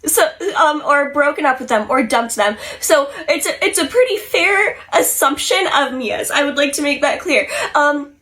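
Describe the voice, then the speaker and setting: A young woman with a stuffy nose, casually recapping a story in an animated way, acting out the lines. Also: high-pitched, normal speed, few pauses. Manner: animated storytelling, acts out quotes, frequent laughs and ums. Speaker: pop culture vlogger.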